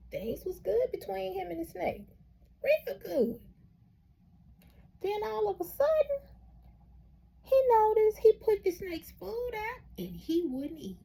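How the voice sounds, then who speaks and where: A woman telling a story with a moral in an animated way, with preacherly exclamations. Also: extremely high pitch, vocal fry. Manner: animated, laughing through the story. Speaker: motivational storyteller.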